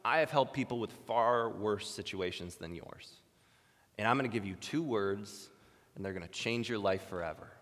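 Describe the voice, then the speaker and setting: A man's voice: lowish voice, normal speed, lightly acted. A man voicing a blunt male psychologist who snaps short commands at a patient. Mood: brusque. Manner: snapping, shouting commands. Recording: long hall reverb.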